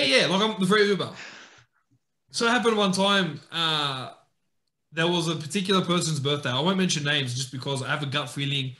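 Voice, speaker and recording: A podcast co-host tells a story during casual chat, animatedly acting out his friends' lines in a raised voice. His pitch is fairly high, and the sound is roomy.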